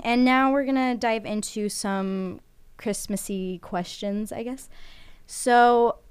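A woman's voice: fairly high pitch, fairly even intonation, takes it slowly, smooth. A young woman hosting a college radio show, chatting in a rambling way with lots of fillers and giggles, on a studio microphone. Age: young adult. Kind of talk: casual radio chat.

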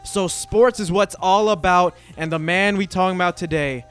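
Smooth-voiced young college radio host. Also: male voice, high voice, fairly bright tone, soft background music. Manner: laid-back, slangy, reads stats slowly. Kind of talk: casual radio hosting and sports talk.

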